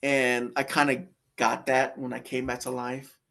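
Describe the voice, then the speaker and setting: A man's voice: medium pitch, completely flat delivery, a little slow, vocal fry, bright, forceful tone. A man telling his near-death story in a casual, rambling way, with many fillers and restarts. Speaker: guest sharing a near-death experience.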